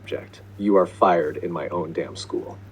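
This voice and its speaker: A man narrating angry complaint emails to parents in an exasperated, profane, deadpan comic manner. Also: sits low, a little slow, a little hiss or hum, rough recording. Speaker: school principal character writing to parents.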